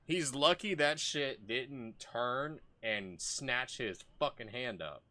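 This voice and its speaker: A man's voice: medium pitch, animated, takes it slowly, bright, forceful tone. A man streaming casual commentary, rambling and profane with many restarts.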